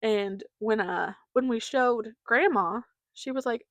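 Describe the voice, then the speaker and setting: A woman's voice: fairly high pitch, slow, no room sound. A young woman hosting her podcast, chatting casually with many fillers and giggles. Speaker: podcast host. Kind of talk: casual solo chat.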